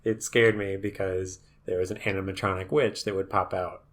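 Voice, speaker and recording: Soft-spoken man from the American South. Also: deep voice, level tone, moderate pace. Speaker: podcast co-host. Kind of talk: casual chat.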